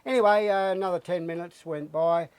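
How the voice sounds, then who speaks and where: A middle-aged Australian man, an interview guest, telling his story with animated flair and acting out his own lines. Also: on the high side, brisk, dry recording. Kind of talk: casual interview.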